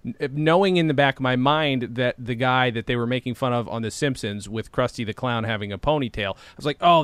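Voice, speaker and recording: A man's voice: medium pitch, clear, resonant tone, dry recording. A man hosting a casual interview chat, enthusiastic and laughing often. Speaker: podcast host. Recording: dry close sound.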